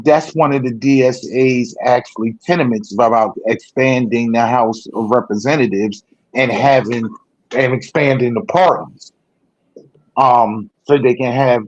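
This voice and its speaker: Slow-talking man in a dull lo-fi recording. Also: mid-range voice, no room sound. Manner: rambling, self-correcting, animated when making a point. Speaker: political talk show co-host. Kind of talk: casual political discussion. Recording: dull lo-fi sound.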